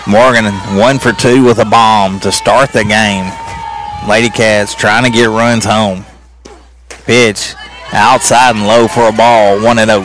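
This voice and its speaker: Brief: male play-by-play announcer, outdoor ballpark, music audible behind him. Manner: rapid excited calls, pitch jumps high on big plays. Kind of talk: live softball play-by-play.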